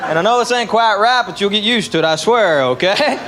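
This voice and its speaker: A man's voice: sits high, brisk, noisy background. A man from Tennessee with a Southern accent doing stand-up, chatting with the crowd in a folksy drawl. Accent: Southern US, East Tennessee. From Tennessee, USA. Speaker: stand-up comedian. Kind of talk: stand-up routine. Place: comedy stage before a live audience.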